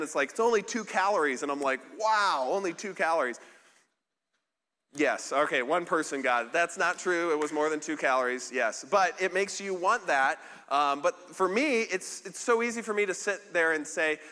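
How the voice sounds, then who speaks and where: A man's voice: fairly high pitch, pushed and bright. A man giving a casual sermon as a pastor, chatty and self-deprecating, full of fillers and restarts. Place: large church hall. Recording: live sermon in a reverberant hall.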